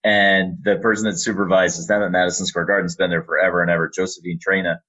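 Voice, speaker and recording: A man who works as an arena announcer, telling animated stories in an interview. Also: low-pitched, fast, muffled recording. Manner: animated storyteller, lively, acts out quotes. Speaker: arena public address announcer. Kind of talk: storytelling in a podcast interview.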